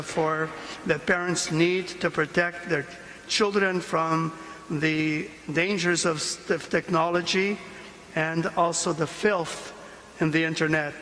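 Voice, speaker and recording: A man's voice: fairly high pitch, pushed and bright, a little hiss or hum. A man making parish announcements and introducing a speaker, hesitant and full of fillers. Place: church. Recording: reverberant church with crowd.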